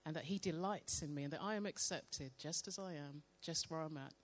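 Soft-spoken woman leading quiet prayer. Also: low voice. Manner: slow, calm, soft-spoken, meditative. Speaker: church member sharing testimony. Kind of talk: devotional testimony with guided prayer.

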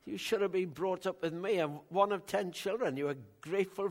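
Older male pastor, sermon, chatty bantering delivery, slightly high voice. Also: brisk, slight background noise. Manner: conversational preaching, bantering with the congregation, big swings in loudness.

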